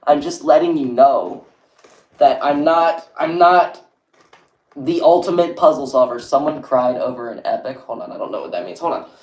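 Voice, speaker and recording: A man's voice: mid-range voice, moderate pace, a little mellow. Rambling young man streaming, echoey room. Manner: rambling, reads chat aloud, lots of "like". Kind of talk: casual livestream chat.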